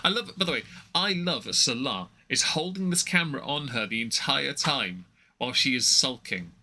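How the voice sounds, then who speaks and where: A man's voice: medium pitch, expressive, moderate pace, very noisy. A young man giving rambling, mocking commentary on a livestream, with many fillers and restarts.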